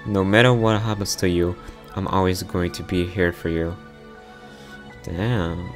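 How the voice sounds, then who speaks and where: A man with a deep, low voice reads a visual novel story aloud, taking every part himself. He speaks slowly and gently, with a soft, heartfelt delivery. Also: fairly even intonation, faint music behind.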